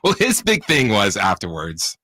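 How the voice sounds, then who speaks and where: A man's voice: lowish voice, huge pitch swings, a little slow, sharp tone, dry recording, studio quality. A man on a sports radio show's staff, adding details to the story from off-mic in casual chat.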